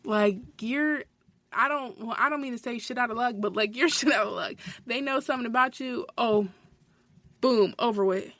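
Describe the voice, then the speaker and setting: A woman's voice: fairly high pitch, moderate pace, a bit bright, dry recording. A young woman podcast host telling a story in a casual, blunt rant, swearing often and saying "like" a lot. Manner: blunt and profane, heavy filler "like".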